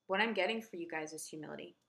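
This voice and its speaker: A woman's voice: on the low side, racing, creaky, a bit bright, slight background noise. A woman giving a casual, earnest tarot horoscope reading, reassuring and repeating herself. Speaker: tarot reader.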